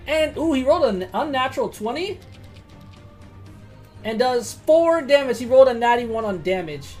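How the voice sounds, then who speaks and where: A woman narrating a tabletop game as game master, excitable and quick to swear. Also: high-pitched, soft background music. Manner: excitable, swears often, bursts of loud reactions.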